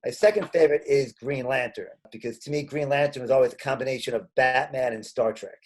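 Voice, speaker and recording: A middle-aged man answers interview questions casually, often restarting and correcting himself mid-sentence. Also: mid-range voice. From Staten Island, New York. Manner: halting, with frequent restarts and self-corrections. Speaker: interview guest, comedian.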